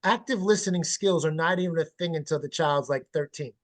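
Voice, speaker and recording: High-pitched guy, parenting coach on a video call, fired up and blunt, swears a bit. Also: brisk. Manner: animated and emphatic, blunt with casual swearing. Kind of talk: webinar interview answers.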